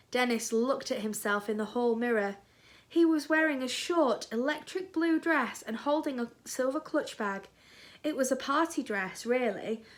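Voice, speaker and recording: A woman teacher reading a children's book aloud, gentle and expressive. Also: sits high. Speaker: primary school teacher.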